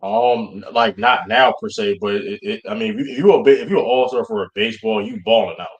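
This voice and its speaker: A man talking sports casually in slangy, halting speech. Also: on the low side, sing-song, gravelly.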